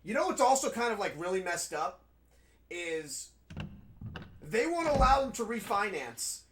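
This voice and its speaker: A man's voice: sits high, very animated, measured pace, background noise. A man playing a video game and chatting casually, rambling and frank, with frequent swearing. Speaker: gaming streamer. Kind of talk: casual commentary while playing.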